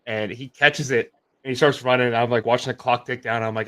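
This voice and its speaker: A young adult man co-hosting a casual sports livestream, telling animated stories full of "like" fillers. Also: medium pitch, fast. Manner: animated storyteller, many "like" fillers. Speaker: co-host.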